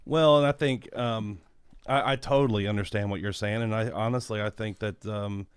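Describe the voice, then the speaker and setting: A man with a smooth, resonant voice co-hosts a casual podcast, recorded close and dry. He hunts for words with many fillers, then lands his point firmly. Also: fairly low pitch, steady tone, normal speed, no echo. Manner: hesitant, searching for words, then emphatic. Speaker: podcast co-host.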